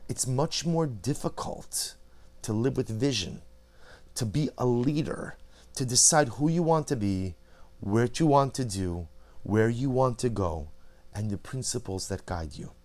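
A man's voice: mid-range voice, lively intonation, a little slow. Man giving an impassioned Torah lecture. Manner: builds from quiet reflective to loud emphatic, repeats phrases. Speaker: rabbi teaching a Torah class.

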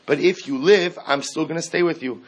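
A man teaching a Talmud class, animated, acting out the quoted speakers as he explains each case. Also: fairly high pitch, brisk. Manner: animated, acts out quoted speakers, mixes Aramaic terms into English.

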